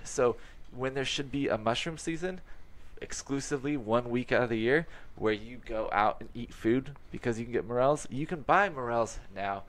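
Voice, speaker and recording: A tired young man co-hosting a podcast, rambling through casual chat with many fillers and restarts. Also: medium pitch. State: tired from having a baby. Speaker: podcast co-host.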